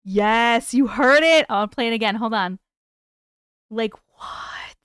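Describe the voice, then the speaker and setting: A woman hosting a casual live stream from her desk at home, chatty and excitable, swearing freely. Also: fairly high pitch, moderate pace, clear, resonant tone, no room sound, clean studio sound.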